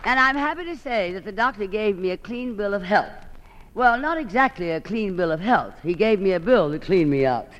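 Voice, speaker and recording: A woman's voice: medium pitch, lively intonation, a little fast, muffled recording, crowd noise, noisy background. A woman hosting an old-time radio comedy monologue, delivering it in a theatrical drawl and calling everyone darling.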